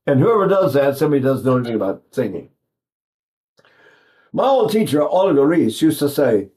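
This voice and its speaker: A man's voice: a little high, fairly quick, long pauses. An older man, a voice teacher, giving a casual, chatty singing lesson and breaking off to demonstrate sounds. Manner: animated, chatty, sings and buzzes examples, mimics Italian speech.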